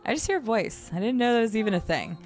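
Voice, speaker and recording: A woman streamer chatting casually with her viewers. She has a low vocal fry at the ends of her phrases, rambles, and laughs often. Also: big pitch swings, fast, a little mellow, faint music behind. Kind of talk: casual live-stream chat, reading and answering chat. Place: home streaming setup.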